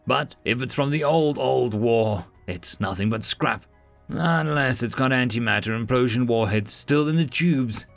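A man's voice: mid-range voice, unhurried, vocal fry, soft background music. A man voicing a nervous little blue lizard alien scholar who gets defensive and fussy, talking in an audiobook-style story.

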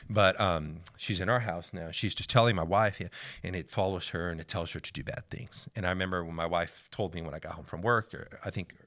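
Low-voiced man telling a faith story. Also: a little fast, few pauses. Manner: animated, drops to a hush for quoted voices. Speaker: guest sharing a ministry story.

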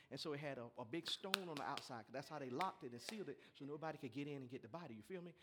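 A male pastor a sermon, reading scripture and breaking into lively asides to the congregation. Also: on the high side, background noise. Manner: animated preaching with asides to the congregation.

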